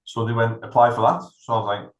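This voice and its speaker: A middle-aged man tells a long anecdote as co-host of a podcast, acting out the people in it. His voice sits at an ordinary male pitch. The room around him adds a roomy echo. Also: quick pace, dull audio. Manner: animated anecdote-telling, acts out other people's lines. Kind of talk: casual storytelling.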